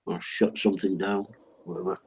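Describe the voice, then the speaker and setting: A man hosting casual online chat, teasing and prodding people by name, with a husky voice. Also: fairly low pitch, lively intonation, brisk, darkish tone. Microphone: online voice call. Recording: dull lo-fi online call.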